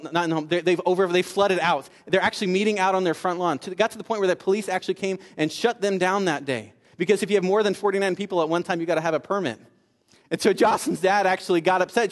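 A man preaching a sermon, telling a story in an animated way with frequent repetitions. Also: high voice. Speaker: pastor. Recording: reverberant hall.

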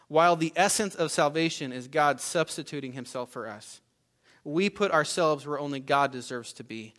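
A male pastor delivers a sermon in a fairly high voice. He speaks with earnest emphasis, stopping to repeat words and restart his thoughts. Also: a bit bright.

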